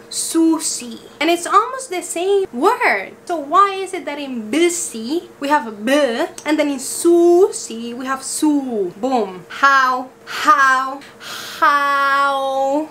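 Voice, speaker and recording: A woman talking straight to camera in a high, bright voice. She is exasperated and fires off rhetorical questions one after another. She stretches words out slowly to make her point. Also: a little hiss or hum. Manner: sounds words out slowly for emphasis. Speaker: vlogger. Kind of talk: casual talk to camera.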